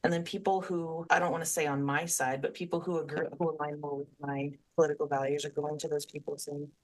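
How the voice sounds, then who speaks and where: A woman's voice: deep voice, flat delivery, fast. A woman guest on a podcast talking in a heartfelt, rambling way in casual conversation, with some swearing.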